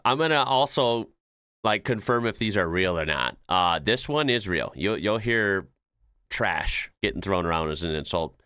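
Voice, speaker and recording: A man's voice: low voice, lively intonation, normal speed, sharp tone, clean tone, no room sound, clean studio sound. A man hosting a reaction video, chatting casually with lots of fillers and laughs. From United States. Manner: laid-back, chuckles often, explains with many fillers.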